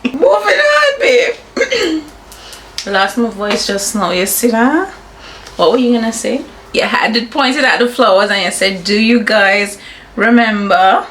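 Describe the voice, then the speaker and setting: A woman in her thirties with a Caribbean English accent, chatting casually to her viewers and her husband at home, giggly and warm. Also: mid-range voice, animated, measured pace, slight background noise. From Caribbean, grew up in Anguilla. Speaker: vlogger. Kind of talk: casual home vlog chat. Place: home, indoors.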